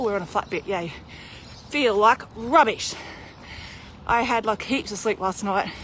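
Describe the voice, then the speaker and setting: A woman's voice: a little high, fairly bright tone, a little hiss or hum. A woman in her thirties, out of breath, chatting candidly in a live video while pushing a pram uphill outdoors. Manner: chatty, candid, self-deprecating. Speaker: vlogger. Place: outdoors on a hilly street.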